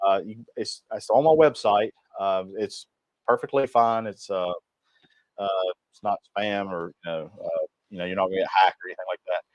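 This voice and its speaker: A man's voice: sits low, normal speed, no echo, low-quality recording. A man hosting a cooking channel livestream, reading viewer comments aloud and answering them in a rambling, friendly way with frequent restarts. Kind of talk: casual livestream chat.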